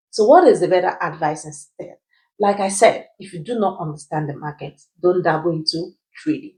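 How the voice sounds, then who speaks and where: A woman's voice: lowish voice, warm tone, rough recording. A woman teaching personal finance who asks rhetorical questions and answers them herself, checking in with her listeners as she goes. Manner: keeps checking in with "right?". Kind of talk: explainer video.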